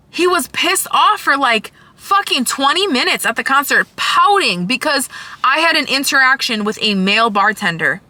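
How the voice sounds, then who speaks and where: A young woman's high, bright voice tells her story to the camera. She talks in heated, emphatic bursts and swears freely, with a sharp edge to her tone. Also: expressive, moderate pace, no room sound. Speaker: vlogger. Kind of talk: storytime vlog.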